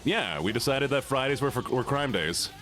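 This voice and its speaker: Male streamer, animated sing-song delivery, playful and teasing in casual chat. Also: mid-range voice, moderate pace, raised voice, soft background music. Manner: playful, teasing, chatting with viewers. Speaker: live streamer. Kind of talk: casual live-stream chat while playing a game.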